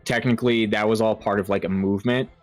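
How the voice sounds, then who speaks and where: A man's voice: fairly low pitch, steady tone, faint music behind. Man running a tabletop horror game. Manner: halting, lots of fillers and restarts. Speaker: game master.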